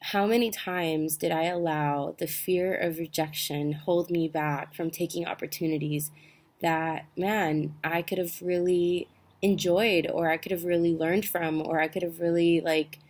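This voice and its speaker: A woman's voice: on the low side, fairly even intonation, a little slow, a little mellow. A young woman telling a heartfelt personal testimony in a chatty, casual way, full of fillers and restarts. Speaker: ministry student sharing a testimony.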